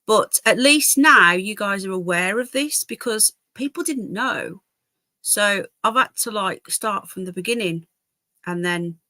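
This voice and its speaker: A woman's voice: medium pitch, pushed and bright, dry recording. A woman hosting a casual live stream from home, chatting to viewers and her dogs. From England. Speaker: livestream host. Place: home, indoors.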